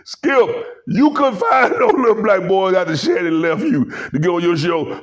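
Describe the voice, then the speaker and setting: A man giving a comedic sports commentary rant, mocking and animated, laughing between lines. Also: sits high, moderate pace, few pauses. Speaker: commentary host.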